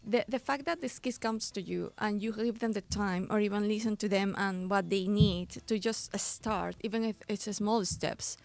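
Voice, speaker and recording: A woman's voice: mid-range voice, normal speed, creaky, few pauses, a little mellow, dry recording. A woman interviewing a guest in a podcast studio, asking curious questions and laughing along. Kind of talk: casual interview. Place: podcast studio in a hobby shop.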